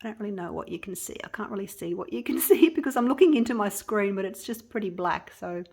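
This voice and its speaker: Aussie woman doing a chatty resin craft vlog at home, talks to viewers while she works, trails off and restarts a lot, mid-pitched voice. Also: expressive, fast talker, a little mellow, husky. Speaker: resin craft channel host. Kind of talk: casual tutorial vlog.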